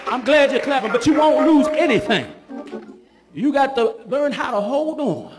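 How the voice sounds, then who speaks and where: A man, a bishop, preaching a sermon in church, calling for responses from the congregation and building up to shouts. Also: extremely high pitch, big pitch swings, moderate pace, music in the background, a crowd in the background.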